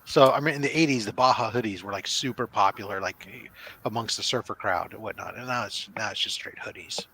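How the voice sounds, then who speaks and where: A man's voice: on the low side, brisk, creaky, pushed and bright, a little hiss or hum. A middle-aged man hosting a casual live stream, telling easygoing, rambling stories. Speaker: host.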